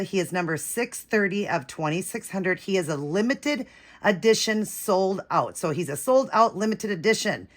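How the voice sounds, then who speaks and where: Woman, lowish voice, excited unboxing vlog, gushing, breathless, shaky. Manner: breathless, gushing, repeats "oh my gosh". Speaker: vlogger unboxing a reborn doll.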